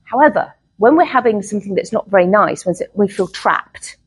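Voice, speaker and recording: A woman's voice: mid-range voice, animated, fairly quick, breathy edge, low-quality recording. A middle-aged woman, a therapist, teaching a live workshop to a group in a chatty way, often checking in with "okay?".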